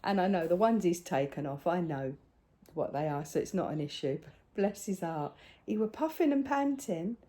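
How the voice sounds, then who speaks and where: Older woman, home crafting vlogger; relaxed mellow voice, rambling chatty delivery with quiet asides. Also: on the low side, normal speed, few pauses. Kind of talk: casual chat showing crafts.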